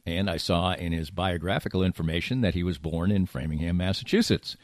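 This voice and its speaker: A man's voice: deep voice, brisk, no room sound, clean studio sound. An older man from the Boston area with a faint Boston accent, a broadcaster reminiscing in a rambling podcast monologue from his home office. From Boston area, USA. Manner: reminiscing, rambling with frequent uh and restarts, quiet at times. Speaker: podcast host and play-by-play broadcaster. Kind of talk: personal reflective podcast monologue.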